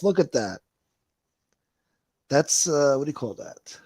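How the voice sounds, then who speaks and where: A man's voice: on the high side, expressive, unhurried, darkish tone, breathy edge, dry recording. Profane rambling man reading chat. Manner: rambling, swears a lot, laughs. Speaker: livestream host reading chat.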